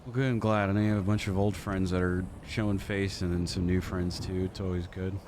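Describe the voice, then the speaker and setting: A man's voice: low voice, a little fast, noisy background, natural voice. A man playing a laid-back teasing guy. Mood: casual. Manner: relaxed, laughs, presses with questions. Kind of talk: role-play in character.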